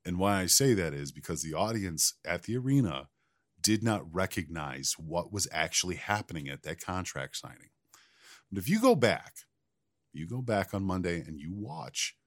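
A man co-hosting a casual podcast, telling a wrestling story in an animated, profane way. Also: low-pitched, no echo, studio quality. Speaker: podcast co-host.

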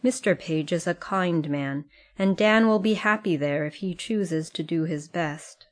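A woman reads as a firm but kindly older schoolmaster from a storybook, steady and measured in every word. The voice sits fairly low and even. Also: natural voice.

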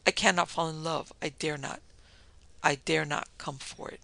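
A man's voice: on the high side, steady tone, moderate pace, creaky, dry recording. Desperate young woman, read by a man. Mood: pleading. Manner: pleading, hushed.

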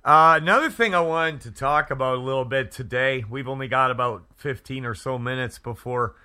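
A man hosting a Christian radio talk show, speaking fervently and haltingly, with many restarts and fillers. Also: medium pitch, sharp tone, clean tone. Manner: fervent, prays aloud. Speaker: Christian internet radio host. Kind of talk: casual faith talk show. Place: Edmonton area.

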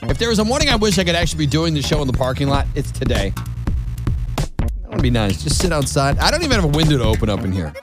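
A man's voice: fairly high pitch, very animated, quick pace, music in the background. A man hosting a conservative morning talk radio show from a windowless studio, delivering an opinionated, sarcastic monologue. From Florida. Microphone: studio microphone.

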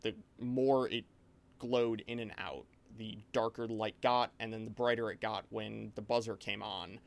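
A man's voice: on the low side, moderate pace, creaky. A man chatting casually as a game master, telling a spooky session with many restarts. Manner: rambling, animated storytelling with many restarts. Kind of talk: casual chat.

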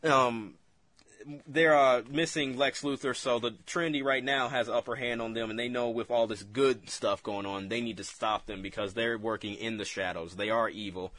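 A man casually recapping a comic book story on a podcast, animated and quick to laugh. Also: mid-range voice, no echo. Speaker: podcast co-host.

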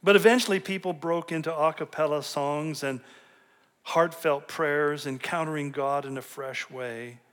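A man's voice: a little high, normal speed, fairly bright tone. Man preaching a conversational sermon. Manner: conversational storytelling with light humor; restarts and repeats words when building a point. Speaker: pastor.

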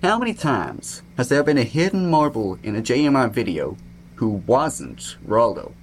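A man's voice: medium pitch, sing-song, moderate pace, a little hiss or hum. A man hosting a trivia segment on a casual podcast, playful and teasing as he asks and answers questions.

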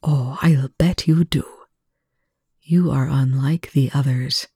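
A reader voicing a sharp-tongued, provocative male scientist who talks in a clipped, sardonic way, often hushed. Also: mid-range voice, steady tone, takes it slowly, husky, dry recording, studio quality. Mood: curt.

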